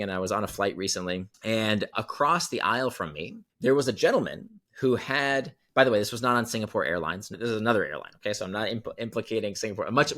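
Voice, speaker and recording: A man with a medium-pitched, fairly bright voice is a guest on a podcast. He tells stories to explain ideas, speaking emphatically and repeating key phrases for effect.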